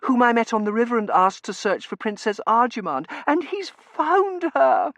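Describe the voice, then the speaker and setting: A man puts on an exaggerated voice pitched far above his own, extremely high with big pitch swings, to play a gushing young Victorian woman. He coos and dotes at a normal speed with a fairly bright tone. The recording is dry.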